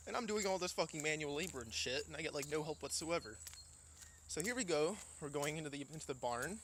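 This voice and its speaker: A man's voice: on the high side, expressive, fast, fairly bright tone, a little hiss or hum. A young man from Indiana, out of breath, profanely complaining in a casual vlog as he walks around a farm outdoors. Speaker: vlogger. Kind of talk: casual vlog walk-through, ranting. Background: faint insects and crickets.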